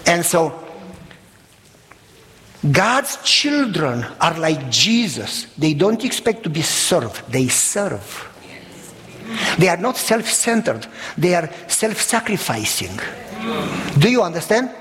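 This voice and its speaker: A man preaches a sermon in a high voice that leaps all over its range. He presses his points with rhetorical questions and bursts into shouts. His voice rings out through a church hall with a long echo. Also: very animated, takes it slowly, pauses often. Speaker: pastor.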